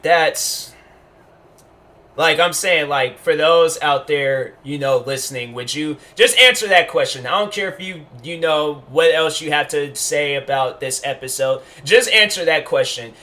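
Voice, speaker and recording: A man's voice: on the high side, sharp tone. A man giving a casual commentary monologue as a YouTuber, rambling and emphatic, full of restarts.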